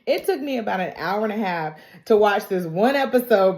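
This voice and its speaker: A woman's voice: mid-range voice, animated, a little slow, few pauses, roomy sound. A woman recapping a TV drama in a casual, emotional, storytelling way, a bit stuffy from crying. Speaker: TV recap reviewer.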